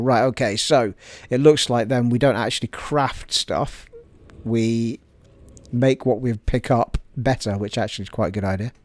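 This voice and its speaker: A man's voice: mid-range voice, a little mellow, no echo. Cheerful man narrating his gameplay. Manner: cheerful, thinking aloud. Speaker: gaming streamer. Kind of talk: let's play commentary.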